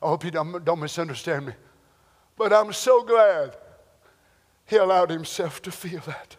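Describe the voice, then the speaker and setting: A male preacher giving an impassioned sermon, swinging between shouted lines and hushed ones. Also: on the high side, unhurried. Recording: long hall reverb.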